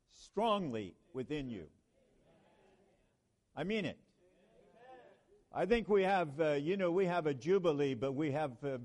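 A man preaching a sermon at a church conference in an earnest way, pausing and restarting, then rising to emphatic proclamations. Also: a little high, darkish tone. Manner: slow, earnest, with halting restarts and sudden emphatic rises.

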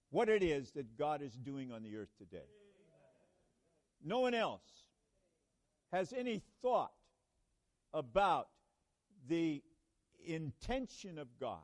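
A man with a fairly high voice preaches a sermon at a measured, unhurried pace. He speaks earnestly and halts to restart phrases. At times he builds to emphatic, ringing proclamations. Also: darkish tone. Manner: slow, earnest, with halting restarts and sudden emphatic rises. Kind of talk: sermon at a church conference.

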